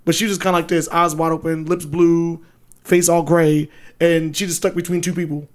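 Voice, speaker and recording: A man co-hosting a podcast, chatting casually with loose, profane, animated storytelling. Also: fairly high pitch, fairly quick. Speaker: podcast co-host.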